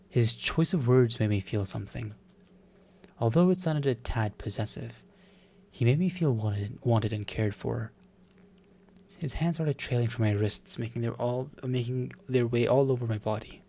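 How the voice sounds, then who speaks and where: A man's voice: mid-range voice, moderate pace, creaky, mellow. A man reading a visual novel aloud, breaking off into flustered, jokey, stammering commentary. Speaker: gaming video creator.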